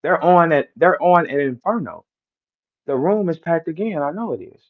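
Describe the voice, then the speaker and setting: A man's voice: a little high, animated, moderate pace. Brash trash-talking man, lo-fi audio. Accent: St. Louis. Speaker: battle rapper hosting a live audio room. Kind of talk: boastful live-stream rant.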